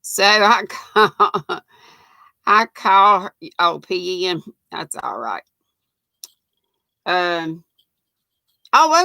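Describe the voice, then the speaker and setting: A woman with a high, creaky voice, pushed and bright, recorded dry, hosts a live craft stream. She's chatty and folksy, laughs often, and greets viewers by name, calling them sweet and honey.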